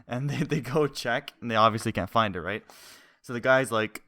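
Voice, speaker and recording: A man's voice: medium pitch, moderate pace, sharp tone, dry recording, clean studio sound. A young man co-hosting a podcast, telling a rambling, laugh-filled story in casual chat and swearing freely. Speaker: podcast co-host.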